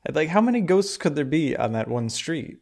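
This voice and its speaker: A man's voice: a little high, big pitch swings, brisk, creaky, darkish tone. A man co-hosting a casual podcast, adding dry, wry one-liners. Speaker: podcast co-host. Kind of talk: casual chat.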